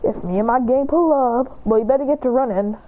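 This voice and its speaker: A cocky teenage schoolboy leader, as a woman puts him on for a homemade story, all brash swagger and open threats. The voice sits fairly high, and the recording is thin and tinny, like it came over a phone line. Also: a little fast, close to an everyday voice. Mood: threatening.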